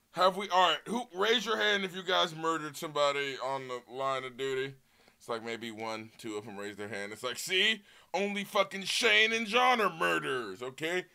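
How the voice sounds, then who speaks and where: A man's voice: fairly high pitch, moderate pace, gravelly, sharp tone. A man streaming live, reacting to footage with profane, joking commentary and frequent laughter.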